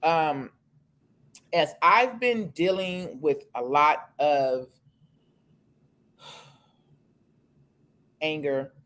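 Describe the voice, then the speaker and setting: A woman's voice: deep voice, drawn-out words, long pauses, a bit bright. Frank woman co-host in casual chat. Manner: frank, emphatic, with many restarts. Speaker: talk show co-host.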